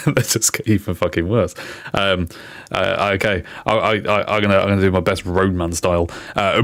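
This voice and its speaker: A young man streaming casually, swearing freely and laughing as he reads out silly chatbot jokes in a higher mock voice. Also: moderate pace, a bit bright, no echo, clean studio sound. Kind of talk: casual livestream chat.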